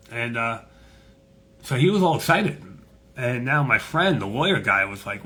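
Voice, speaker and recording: A man's voice: medium pitch, animated, measured pace, long pauses, bright, forceful tone. A man hosting a casual chat, telling a story in a profane, swaggering way and acting out the people in it. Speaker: host.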